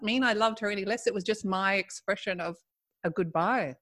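A woman's voice: medium pitch, a little fast. Laughing middle-aged woman telling a story. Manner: animated, laughs while telling. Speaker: guest. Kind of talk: storytelling in casual conversation.

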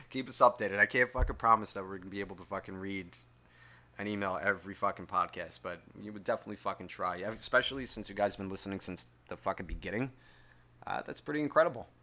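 A man's voice: lowish voice, pushed and bright. A man hosting a solo podcast who reads out listener email, then rambles and swears heavily as he gets worked up. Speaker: podcast host.

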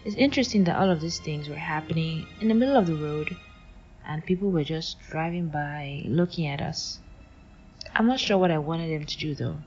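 A young woman from Nigeria telling a personal story in a wry, animated way. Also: low-pitched, normal speed. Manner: wry, animated retelling with acted quotes. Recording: lo-fi with faint music.

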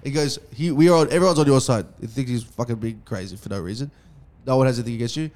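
A young man rattles off a party story at a quick clip, his voice at a middling pitch. He swears constantly and slips into the voices of the people he quotes, the way a casual podcast host keeps a story rolling. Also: darkish tone. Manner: fast, swearing, acts out dialogue.

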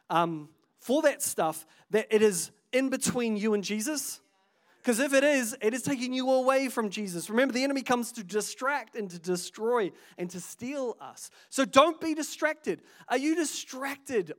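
A man in his thirties with a New Zealand accent, preaching a sermon as a pastor in a lively, conversational way with jokes and asides. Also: high-pitched.

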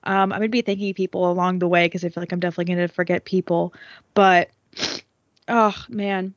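A woman's voice: on the low side, fairly even intonation, fairly quick, no room sound, lo-fi sound. A woman co-hosting a podcast in casual chat, emotional and rambling, with lots of fillers and swearing. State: tearful. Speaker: podcast co-host.

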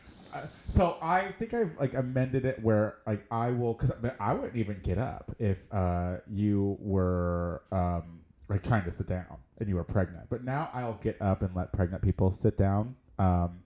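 A man's voice: fairly low pitch, a little slow, few pauses. A man co-hosting a podcast, telling crude, laughing stories in casual banter. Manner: profane, laughing, lively storytelling. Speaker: podcast co-host.

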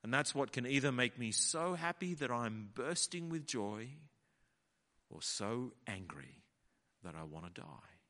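A man's voice: mid-range voice, sing-song, unhurried, pushed and bright. A man voicing a petty, self-centred male prophet who whines and makes demands, as part of his sermon. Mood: sulky demanding. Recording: long hall reverb.

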